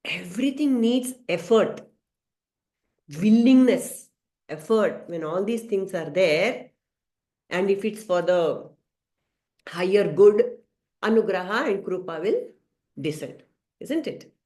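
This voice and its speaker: A woman teaching a scripture study class, telling a story gently with some hesitant fillers. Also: mid-range voice, expressive, slow, long pauses. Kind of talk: storytelling lesson. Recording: roomy echo.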